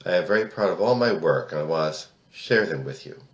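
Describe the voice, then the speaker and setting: A man of about sixty from the United States delivers solo political commentary to camera in a low, animated voice, talking a little fast. He's emphatic and indignant, often repeating words and restarting sentences, and the sound is roomy.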